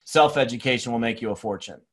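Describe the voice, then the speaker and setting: A man in his fifties giving a motivational sales training talk, telling stories in an energetic, chatty way full of restarts. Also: mid-range voice, fast. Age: 50s. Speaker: network marketing speaker and trainer. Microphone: webinar recording.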